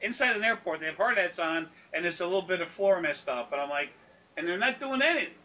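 Fast and expressive, a man with a high voice that sounds pushed and bright tells rambling, profane stories on a recorded consultation. He keeps laughing and dramatizes the people he quotes, casually storytelling throughout. The mic is distant, with faint background noise.

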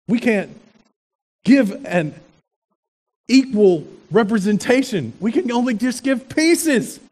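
A male pastor preaching a sermon in an animated way, asking the congregation rhetorical questions. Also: very high voice, slow pace.

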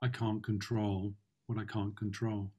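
A man's voice: fairly low pitch, level tone, dark tone, breathy edge. Hesitant man reflecting with fillers. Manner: halting, hesitant, many fillers and restarts. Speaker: client in consultation. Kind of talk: reflective conversation.

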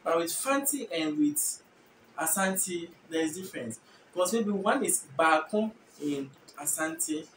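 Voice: mid-range voice, expressive, a little slow, fairly bright tone. Ghanaian-accented host explaining from across an echoey room. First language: Efutu (Guan). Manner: thinks aloud, self-correcting, hedging asides. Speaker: host explaining language differences. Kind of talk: casual educational explainer. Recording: echoey room, distant mic, faint noise.

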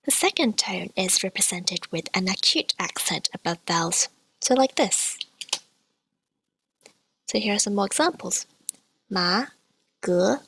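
A woman teaching a beginner language lesson, modelling the sounds slowly and carefully. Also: mid-range voice, pushed and bright, dry recording, rough recording. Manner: clear, careful modelling of tones, slow repetitions.

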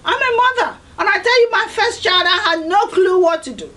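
High-voiced woman, earnest. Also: lively intonation, brisk, bright, forceful tone, slight background noise, rough recording. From Nigeria. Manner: earnest, emphatic, repeats "I tell you". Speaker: host of a devotional series. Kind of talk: motivational devotional talk.

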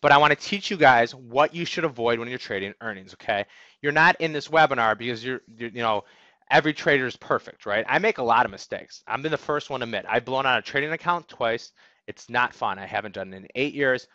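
Bright-toned man lecturing in a webinar. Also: medium pitch, brisk, dry recording, dull audio. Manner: energetic, emphatic, keeps asking "okay?". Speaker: trading instructor. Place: office.

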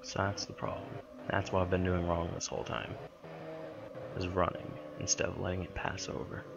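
A man's voice: low voice, completely flat delivery, moderate pace, creaky, muffled recording, background noise. A man giving jumpy, nervous commentary while playing a horror game, talking to himself. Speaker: let's play host.

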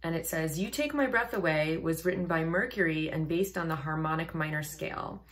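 Woman vocal coach with a low voice, casual reaction commentary, thoughtful and quick to laugh. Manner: thoughtful, reads text aloud, laughs often.

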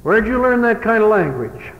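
A strict but fair father, played by a man telling the story, takes his son to task. His voice sits higher and sharper than the storyteller's own and presses each pointed question. It comes through a muffled vintage recording that rings out in a large hall. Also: very animated, moderate pace, vocal fry, a little hiss or hum, heavily acted. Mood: stern. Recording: dull old hall recording with long reverb.

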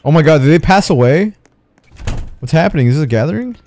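A young man streaming a video game, reacting loudly with shouts, gasps and swearing. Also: a little high, animated, fast talker, a little hiss or hum. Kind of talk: live game commentary.

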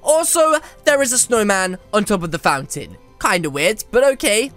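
A woman hosting a game video, chatting and exclaiming in excited commentary. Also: medium pitch, normal speed, soft background music. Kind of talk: excited let's-play commentary.

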